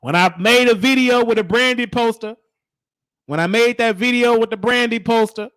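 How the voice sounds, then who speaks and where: High-voiced teasing man. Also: fairly bright tone. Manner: teasing, preachy, drawn-out "honey"s. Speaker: show host. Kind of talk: casual reaction commentary.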